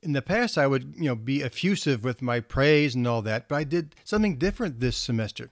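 A man's voice: mid-range voice, brisk, no echo. Man telling stories in a dry, close recording. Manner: conversational, relaxed storyteller with small restarts. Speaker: counselor speaking to parents. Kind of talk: storytelling talk to an audience.

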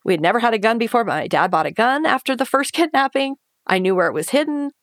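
Speaking as an interview guest, a woman recounts a painful personal story with earnest emotion, acting out her own past thoughts and other people's voices. Her voice is a little high, with lively intonation and a fast pace. The recording is clean studio sound with no room sound.

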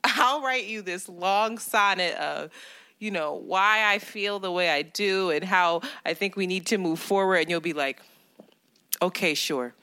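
A woman co-hosting a podcast, chatting casually with a friend. Her voice is bright and forward, and she laughs easily. She acts out other people's lines as she tells stories. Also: mid-range voice, normal speed, clear, resonant tone. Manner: animated, laughs often, quotes people in voices. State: overworked, on edge. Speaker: podcast co-host. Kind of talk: casual banter.

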